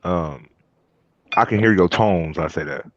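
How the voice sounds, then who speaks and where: Laid-back low-voiced man hosting. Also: a little slow, no echo, dull audio. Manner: laid-back, chuckling, slangy. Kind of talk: casual chat.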